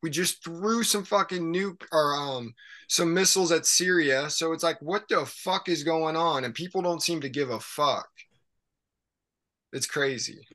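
Man, casual chat, ranting, exasperated, profane, higher voice. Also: a little slow, bright, forceful tone. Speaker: podcast guest.

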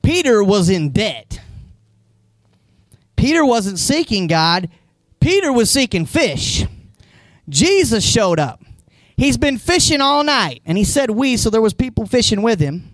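High-pitched, lively male pastor preaching. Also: unhurried, pauses often, no room sound. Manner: conversational preaching, retells scenes with voices; rises to emphatic, raised-voice points. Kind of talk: sermon. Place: church.

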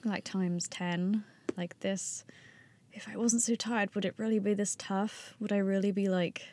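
A woman's voice: medium pitch, fairly even intonation, unhurried, dark tone. Chatty young woman, frequent laughs. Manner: chatty, self-deprecating, laughs often, trails off with fillers. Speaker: podcast guest. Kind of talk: casual chat.

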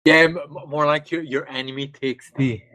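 A man co-hosting a casual podcast, excitable and swearing, stumbling over repeated words. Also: fairly high pitch, normal speed, no room sound. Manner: stammering, profane, excitable. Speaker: podcast co-host.

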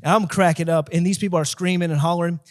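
High-voiced emphatic evangelist man. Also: steady tone, fast talker. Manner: emphatic, repetitive, preaching. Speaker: evangelist guest. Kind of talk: testimony told in an interview.

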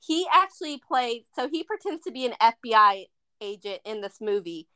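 A woman's voice: on the high side, sing-song, moderate pace, sharp tone, smooth. A woman co-hosting a casual movie review podcast, retelling the plot at length and acting out the characters' lines. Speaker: podcast co-host.

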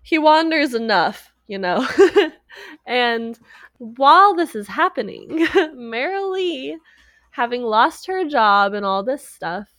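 A woman's voice: fairly high pitch, slow pace, no room sound, studio quality. A woman co-hosting a podcast, casually recapping a movie and acting out the characters' lines with frequent laughs. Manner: animated retelling with quoted voices, frequent laughs. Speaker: podcast co-host.

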